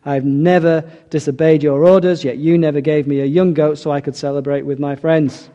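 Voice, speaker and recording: A man's voice: on the high side, level tone, normal speed, warm tone, dull audio, close to an everyday voice. A man preaching, voicing a resentful, self-righteous older brother in an indignant, sneering tone.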